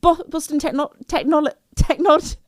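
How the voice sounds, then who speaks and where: A woman's voice: high voice, fairly even intonation, normal speed, no room sound, clean studio sound. A young woman hosting a podcast, chatting in a bubbly, rambling way, full of fillers. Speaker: podcast host. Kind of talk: casual chat.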